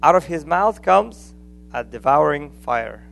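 A man preaching a sermon in a conversational, animated way, often restarting phrases and adding asides. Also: a little high, a little slow, gravelly.

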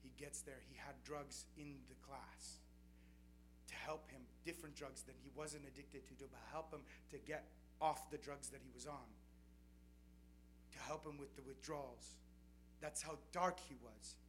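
A man's voice: medium pitch, normal speed. Earnest young male preacher, noisy recording. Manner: earnest storytelling testimony. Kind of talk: sermon. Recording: noisy recording with steady background noise.

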